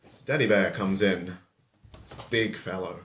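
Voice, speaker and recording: Low-voiced man rambling through a story. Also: a little slow, fairly bright tone, a little hiss or hum. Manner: rambling, with offhand comic asides. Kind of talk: comic storytelling. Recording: roomy echo.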